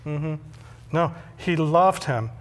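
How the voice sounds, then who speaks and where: A man's voice: fairly high pitch, slow pace, in a large hall. A middle-aged male pastor preaching a sermon in a conversational way, often repeating words when he stresses a point.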